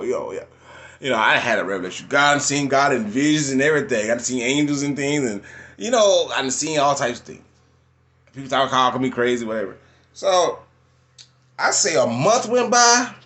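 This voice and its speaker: A young man telling his life story in unscripted personal testimony, informal and repetitive, laughing often and jumping up in pitch when he quotes other people. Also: a bit bright.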